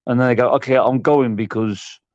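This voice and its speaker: Blunt man telling a rough story; dry, lo-fi audio. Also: mid-range voice, steady tone, a little fast, darkish tone, no echo. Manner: blunt, swearing, laughing. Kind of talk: casual storytelling chat.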